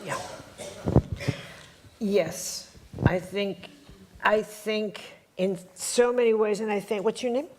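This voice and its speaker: A woman from the Chicago area holds forth at a live workshop in a blunt, streetwise way. She hammers her points home by saying them again and again, in a voice of ordinary pitch. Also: slow pace, pauses often, darkish tone, a little hiss or hum. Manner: emphatic, repeats lines for punch, blunt and streetwise. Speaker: workshop teacher. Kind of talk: live spiritual workshop talk. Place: workshop hall with an audience.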